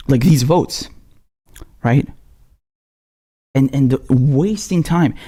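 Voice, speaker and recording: In a mid-range voice with a darkish tone, a male political commentator rants rapid-fire, swearing heavily and burning with heated passion.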